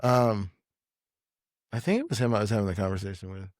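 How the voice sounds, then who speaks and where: A man's voice: on the low side, very animated, brisk, darkish tone, no echo, clean studio sound. A young man talking as a podcast guest in a casual chat, blunt and rambling, swearing freely.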